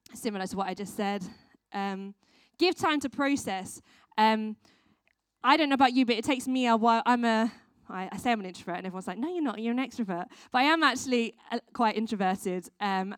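A woman with a fairly high, clean voice gives a casual training talk to church volunteers, drawing on her work with children. She's chatty, full of ums and restarts, and the studio sound is clean with no echo.

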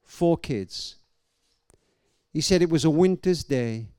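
A man's voice: on the high side, lively intonation, slow pace, dark tone, clean tone, dry recording, studio quality. A man preaching a sermon, telling a story emphatically and dramatically, often restarting his sentences.

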